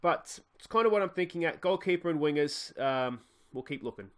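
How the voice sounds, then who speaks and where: Aussie guy chatting through a game, voice a bit on the high side, keeps correcting himself. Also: expressive, fairly quick. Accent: Australian. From Australia. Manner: chatty, thinking aloud, frequent fillers and self-corrections. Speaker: gaming YouTuber. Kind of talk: let's play commentary.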